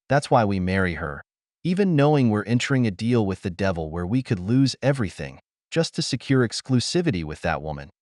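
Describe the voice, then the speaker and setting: A man's voice: on the low side, a little mellow, dry recording, clean studio sound. A man hosting and narrating a scripted voice-over, preaching directly to male viewers. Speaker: host and narrator.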